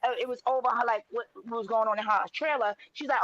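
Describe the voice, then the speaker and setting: High-voiced woman retelling gossip. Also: fast, fairly bright tone, muffled recording. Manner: retells stories acting out quotes, frequent "wait" interjections. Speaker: podcast co-host. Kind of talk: casual gossip chat.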